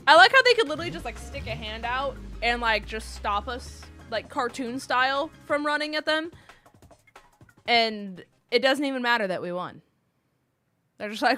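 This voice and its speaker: A woman's voice: a little high, very animated, normal speed, pauses often, bright, forceful tone, soft background music. A woman streaming a video game, chatting playfully with her chat and reading game dialogue aloud in put-on voices. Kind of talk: casual game commentary.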